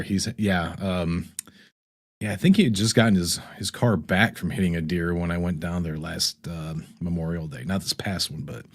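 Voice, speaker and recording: A man with a slightly low voice hosts a relaxed live stream. He rambles loosely, reads viewer comments aloud and laughs often between thoughts. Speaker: livestream host. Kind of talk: casual live-stream chat.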